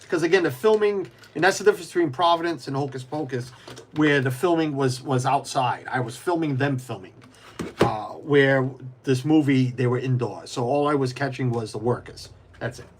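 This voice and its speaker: A man's voice: medium pitch, moderate pace, slight background noise. A man on a casual live stream, rambling with many restarts, answering viewers by name and muttering to himself as he builds. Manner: mutters to himself while fiddling with pieces. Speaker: livestreamer.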